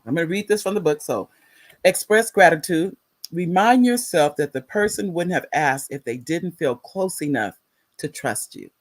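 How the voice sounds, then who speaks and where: A woman talk show host and author, teaching viewers how to say no and repeating key phrases for emphasis. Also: low voice.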